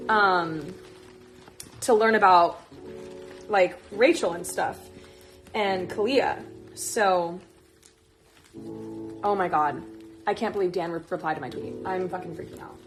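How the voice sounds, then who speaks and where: A young woman chatting casually on a phone livestream, excitable and gushing, swearing freely as she talks about her favorite players. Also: mid-range voice. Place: at home, moving plants indoors.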